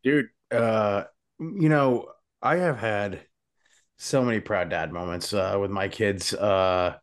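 40s dude on a podcast, lowish voice, lots of uhs, dead dry sound. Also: male voice, dry recording. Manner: halting, lots of filler pauses. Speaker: podcast co-host. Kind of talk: casual chat.

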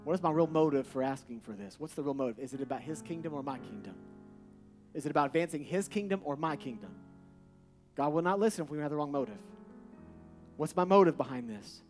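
A man preaching a sermon, repeating short refrains and building to loud, emphatic peaks. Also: fairly high pitch, lively intonation, fast talker. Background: soft guitar music.

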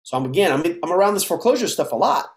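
A man in his fifties from the United States, a podcast guest telling his life story in a lively way and acting out the voices of the people in it. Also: high-pitched, very fast. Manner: animated storyteller who acts out dialogue. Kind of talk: casual storytelling interview. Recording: roomy echo.

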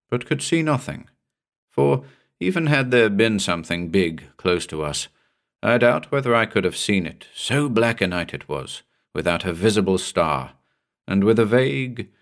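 Male narrator, lowish voice, measured and dramatic, horror story reading. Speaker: audiobook narrator.

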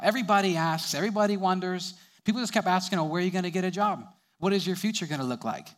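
Chuckling young male preacher, slightly high voice. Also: a bit bright. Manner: storytelling, chuckling between sentences. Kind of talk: sermon.

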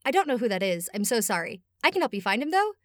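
A woman's voice: fairly high pitch, sing-song, fast talker, dry recording, studio quality. A woman voicing a friendly young male werewolf, reading his lines casually. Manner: read aloud, casual.

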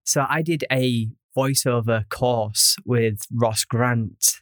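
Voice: medium pitch, slow pace, dry recording, studio quality. A podcast co-host in casual chat, enthusiastic, drawing an audible breath before speaking.

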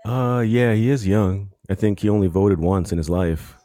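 A podcast co-host chatting casually in a blunt, mocking, laid-back way. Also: male voice, on the low side, normal speed, warm tone, dry recording. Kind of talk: casual chat.

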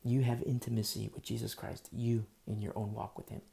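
A man preaching a sermon as pastor, emphatic and repetitive, swinging between loud bursts and hushed asides. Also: mid-range voice, flat delivery, a little fast, creaky. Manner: repetitive, with frequent fillers.

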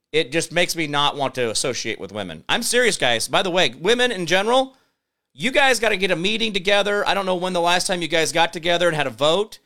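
Animated, bright-voiced male ranting host. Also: on the high side. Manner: sarcastic, ranting, mocks with put-on voices. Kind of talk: political commentary show.

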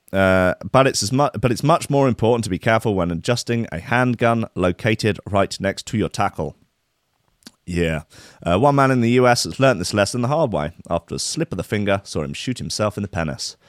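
A man's voice: lowish voice, no echo, clean studio sound. A man hosting a comic news stream, with rambling, sarcastic tangents. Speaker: host.

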